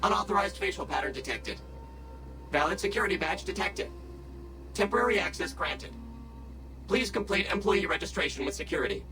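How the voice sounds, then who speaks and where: A man's voice: high-pitched, animated, brisk, long pauses. An actor voicing a male security robot in a video game, reading clipped, official automated announcements.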